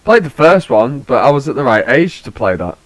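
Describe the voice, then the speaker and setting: A man's voice: mid-range voice, big pitch swings, brisk, dry recording, low-quality recording. A British man, a podcast host, chatting casually and swearing freely, with laid-back banter. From Britain. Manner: swearing, laid-back, puts on posh voices for jokes. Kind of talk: casual chat.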